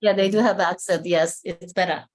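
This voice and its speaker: A woman's voice: on the low side, steady tone. Woman demonstrating skincare on a video call. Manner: halting, explanatory, with frequent fillers and restarts. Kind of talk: live product demo on a video call.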